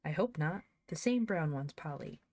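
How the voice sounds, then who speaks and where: A woman's voice: low-pitched, expressive, moderate pace, a little mellow. A woman voicing a sensible older boy, the elder brother, in a storybook reading, urging and pleading. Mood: calm.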